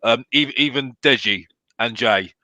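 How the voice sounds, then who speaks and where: Bright and forceful at a medium pitch, a football pundit guest takes his time delivering blunt, fired-up opinions in a casual debate. There's no echo, and he constantly ends emphatic points with "yeah?".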